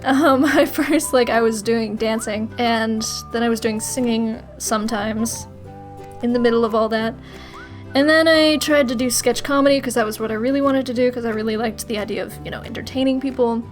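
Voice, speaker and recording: A woman's voice: fairly high pitch, steady tone, normal speed, faint music behind. Giggly young woman vlogger. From Massachusetts, USA. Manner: giggly, playful, self-mocking. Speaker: YouTuber. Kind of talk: casual Q&A vlog.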